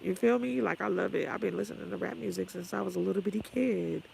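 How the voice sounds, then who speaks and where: A woman's voice: mid-range voice, fast, creaky, a little mellow, slight background noise, poor audio. A woman ranting on her livestream, blunt, sassy and trash-talking. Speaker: vlogger. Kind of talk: profane ranting livestream talk.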